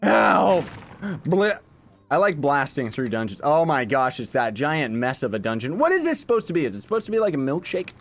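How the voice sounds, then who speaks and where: A man's voice: medium pitch, big pitch swings, moderate pace, faint music behind. A man streaming gameplay live, joking at his own expense and reacting aloud to chat messages. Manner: jokey, self-mocking, reacts aloud to chat. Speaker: gaming streamer.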